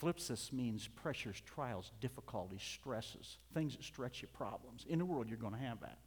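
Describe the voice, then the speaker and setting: A middle-aged man preaching a sermon as a pastor, moving from soft asides to loud, fervent outbursts, with small chuckles between points. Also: mid-range voice, animated, normal speed, slightly rough. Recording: reverberant hall.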